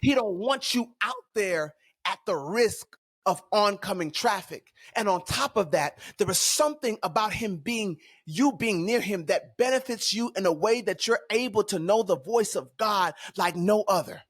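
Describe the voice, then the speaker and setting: A man's voice: high voice, lively intonation, moderate pace. A man co-hosting a faith podcast, talking in a fervent, preachy way and repeating phrases for emphasis. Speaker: podcast co-host. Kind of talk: casual faith podcast talk.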